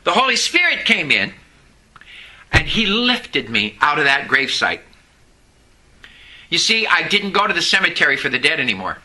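Lively, bright-voiced male preacher. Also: fairly high pitch, normal speed, pauses often, poor audio. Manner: storytelling preacher with audience call-and-response. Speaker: pastor. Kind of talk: sermon.

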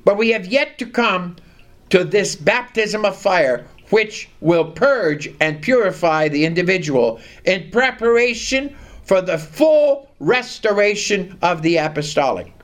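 Reading scripture in an expressive, high voice, a preacher leads his congregation in repeating lines after him and deliberately stresses key words.

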